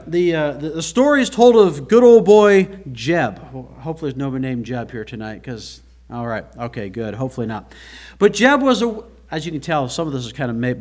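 A male pastor preaching a sermon to a church congregation, earnest and folksy, with rhetorical questions. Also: medium pitch.

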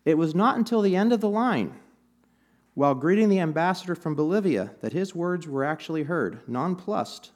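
A man's voice: on the high side, lively intonation, a little fast, a little mellow. A man preaching a sermon in a conversational, storytelling way, with bits of humor, to a church audience. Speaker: pastor.

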